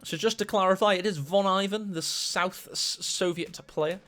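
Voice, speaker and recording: A man casting a strategy game match, excitable and quick to gasp at big plays. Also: sits high. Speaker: esports caster. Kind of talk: live game commentary.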